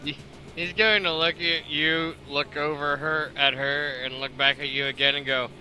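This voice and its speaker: A man's voice: fairly high pitch, normal speed. A man running a tabletop game as game master, narrating with lots of laughter. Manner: animated, laughs often.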